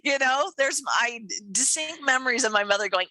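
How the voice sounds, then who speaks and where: This fifties-aged podcast co-host has a slightly high voice and talks at a moderate pace. She's animated in casual chat, laughs a lot, and performs quoted voices. The audio is low quality but free of echo.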